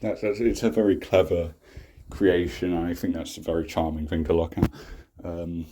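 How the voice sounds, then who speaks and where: A man's voice: sits low, little pitch movement, moderate pace, background noise. A young British man casually giving his opinions, rambling with frequent restarts and blunt swearing. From Britain. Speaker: YouTube reviewer.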